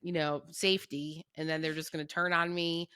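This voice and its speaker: A woman's voice: sits low, flat delivery, moderate pace, bright, forceful tone. A woman in her thirties, a podcast guest, chatting candidly about raising her kids, swearing freely and laughing through her stories. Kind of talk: casual chat.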